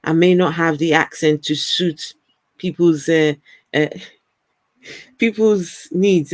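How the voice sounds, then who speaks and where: Slow-talking woman with African-British accent. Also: sits low, dry recording. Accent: African mixed with British. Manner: chatty, repeats words, laughs often. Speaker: livestream host. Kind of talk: casual livestream chat reading comments.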